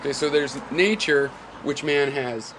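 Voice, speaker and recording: A man's voice: on the high side, a little slow, background noise. A man gives a casual spoken reply to a commenter, rambling and thinking aloud with many fillers and restarts. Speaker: video blogger replying to a commenter.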